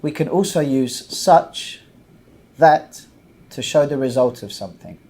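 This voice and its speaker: A male English teacher walks through a grammar point in a scripted lesson. His voice sits at an ordinary middle pitch, and he speaks very slowly and deliberately. He pauses to set out example after example with patient care. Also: lively intonation, mellow. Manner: slow, deliberate, patient explaining with many examples.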